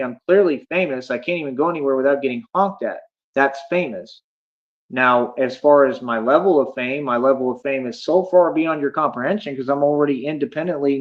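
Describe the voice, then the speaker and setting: A man livestreaming, ranting at his chat in a boastful, confrontational, slangy way. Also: medium pitch. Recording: dull lo-fi stream audio.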